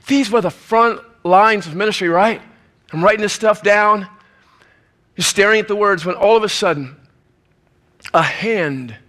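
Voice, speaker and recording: A male preacher telling a story in a sermon, lively and acting out the scenes. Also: high-pitched.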